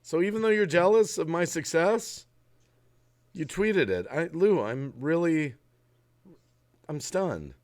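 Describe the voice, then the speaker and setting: A man's voice: fairly high pitch, animated, slow pace, long pauses, darkish tone. Jokey male live stream host. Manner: jokey, reading out viewer names. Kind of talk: casual live stream chat.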